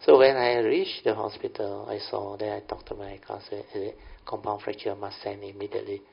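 A man's voice: on the low side, flat delivery, brisk, creaky, slightly rough. A middle-aged man with a Malaysian English accent giving a folksy Buddhist Dhamma talk. He keeps checking in with his listeners by asking whether they understand. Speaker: Buddhist teacher. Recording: dull lo-fi recording.

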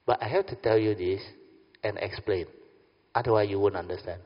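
A man's voice: on the low side, brisk. A man, a Buddhist teacher telling a story in a dharma talk and acting out both sides of a conversation. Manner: animated, acts out dialogue, keeps asking "understand?". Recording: dull lo-fi sound with long hall reverb.

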